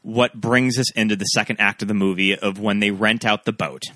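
A man's voice: fairly low pitch, fairly even intonation, a little fast, pushed and bright, dry recording. A man co-hosting a podcast, casually recapping movie scenes and quoting lines. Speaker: podcast co-host.

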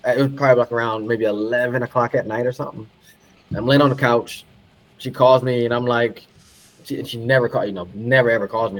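A man's voice: medium pitch, low-quality recording. Laid-back man telling a story. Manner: laid-back, laughs often, repeats phrases for emphasis. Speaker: podcast guest, retired pro soccer player. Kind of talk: casual storytelling.

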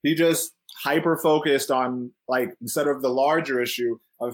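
A man's voice: medium pitch, steady tone, normal speed, few pauses. A man telling a story from his childhood in a casual way. He acts out the people in it, laughs often and fills his talk with "like" and "right?".

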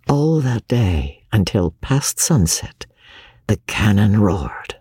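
A woman narrating a classic novel in a slow, expressive, measured audiobook reading. Her voice is husky, and her pitch moves a lot. The sound is dry and close to the mic. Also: no echo. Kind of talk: scripted narration.

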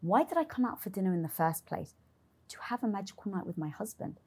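Husky woman telling a candid story. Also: mid-range voice, fast. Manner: expressive, swears freely, acts out her own inner dialogue. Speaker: interview guest.

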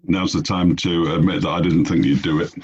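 A man's voice: low-pitched, steady tone, fairly quick, background noise. A man, a radio cricket commentator chatting on a podcast in a wry, self-deprecating way. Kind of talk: casual podcast chat. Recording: dull lo-fi audio.

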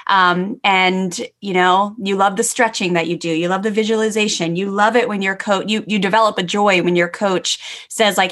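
A woman's voice: mid-range voice, steady tone, normal speed, hardly any pauses, a bit bright. A woman hosting a parenting podcast, talking in an enthusiastic, conversational way with frequent "like" fillers. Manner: enthusiastic, filler-heavy, many restarts. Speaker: podcast host and parenting coach.

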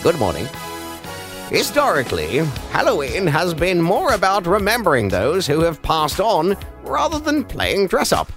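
A man putting on the slow, solemn voice of a deep-voiced male radio newsreader. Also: huge pitch swings, a bit bright, soft background music, exaggerated voice. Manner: slow, solemn announcer delivery.

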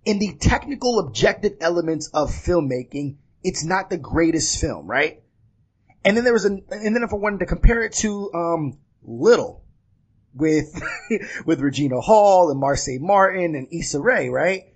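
A man with a slightly husky, fairly high voice talks through his frustration about film reviews in a loose panel conversation. His pitch swings a lot, and he often stops to restart his sentences and to mimic the people he disagrees with. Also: moderate pace. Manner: animated, hesitant restarts, exasperated quoting. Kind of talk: casual panel discussion.

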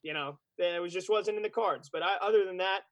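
A man's voice: high-pitched, fairly quick, dry recording. A man co-hosting a sports podcast, talking in an upbeat, chatty way with frequent restarts. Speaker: podcast co-host. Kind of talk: casual sports podcast chat.

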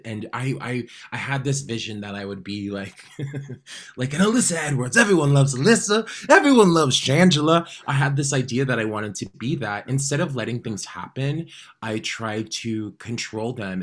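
Man, interview guest, bright tone, lowish pitch, candid, animated, restarts a lot. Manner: animated, many restarts, acts out his inner voice loudly. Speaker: podcast guest, drag performer.

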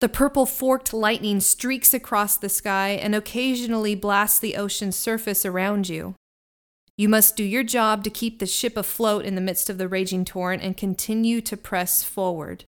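A woman's voice: medium pitch, steady tone, moderate pace, clean tone. A woman narrating a tabletop game as game master, with vivid, descriptive storytelling.

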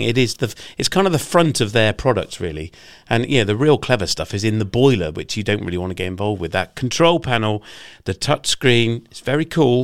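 A man's voice: on the low side, no room sound, clean studio sound. A man co-hosting a podcast, chatty and jokey, laughing often as he talks. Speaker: podcast co-host and show interviewer. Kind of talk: casual chat.

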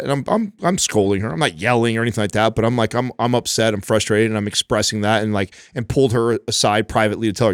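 A man in his thirties, a podcast co-host, telling a story in a loose, animated way with many fillers and laughs. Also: lowish voice, brisk, hardly any pauses, clear, resonant tone, no echo, clean studio sound. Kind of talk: casual storytelling chat. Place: home studio, remote call.

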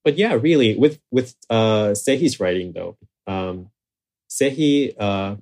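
Low gravelly guy, translator chatting in an interview, lots of likes and restarts. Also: takes it slowly. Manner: relaxed, rambling, many fillers and restarts. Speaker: literary translator. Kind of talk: casual interview conversation.

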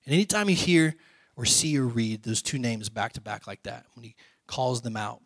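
Male pastor, relaxed chatty sermon, quizzes the room, dry close sound. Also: medium pitch, normal speed, no room sound. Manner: conversational, quizzes the congregation, drops to soft quiet lines.

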